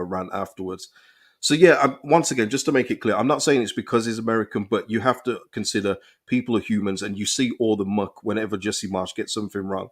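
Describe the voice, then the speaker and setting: A young man hosting a casual football live stream, reading viewers' comments and reacting with animated, restart-filled talk. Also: on the low side. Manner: animated, thinks aloud with frequent restarts and repeated words. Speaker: football channel host reading live chat.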